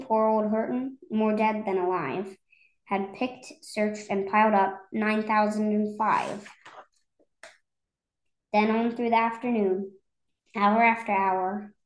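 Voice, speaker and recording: A woman reading a rhyming children's story aloud in a rhythmic, lilting way. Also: mid-range voice. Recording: roomy echo.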